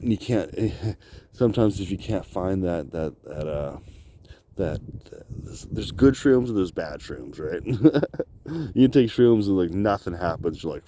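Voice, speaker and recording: A tired, sleep-deprived man talks in a very low voice, slow and drawn out, swearing and laughing as he rambles. He records a video diary on a handheld camera outdoors by the water, with clear outdoor ambience behind him. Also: mellow, slight background noise.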